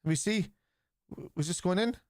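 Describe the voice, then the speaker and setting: A man's voice: high-pitched, normal speed, dry recording. Blunt sweary Scouse man, dry sound. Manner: blunt, sweary, argues with chat, shouts player names. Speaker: football watchalong streamer. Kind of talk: live stream chat and match reactions.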